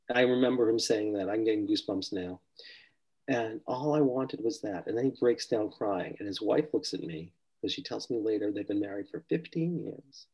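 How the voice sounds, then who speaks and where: An older man, a therapist, recounts a client session in an animated storytelling way, acting out the people he quotes and sometimes dropping to a soft, low voice. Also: breathy edge, muffled recording.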